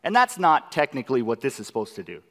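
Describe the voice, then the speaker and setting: A man presenting a live software demo class at a conference, excitable and eager, constantly tossing rhetorical questions at the audience. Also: medium pitch, quick pace. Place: large conference session room. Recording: long reverb of a conference hall.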